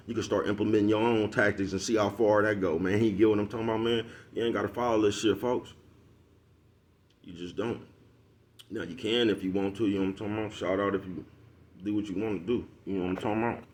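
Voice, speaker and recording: A man's voice: lowish voice, fairly even intonation, quick pace, a little mellow. A man talking casually to his followers in a loose street-slang monologue, laughing often and asking "you know what I'm talking about" again and again. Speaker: vlogger.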